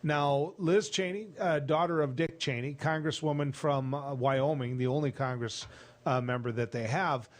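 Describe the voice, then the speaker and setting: A man at a mid-range pitch talks through the news to his radio audience. He delivers conversational commentary, filling pauses with "uh" as he explains things. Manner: conversational, explains step by step, frequent "uh". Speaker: radio talk show host. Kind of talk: opinion commentary.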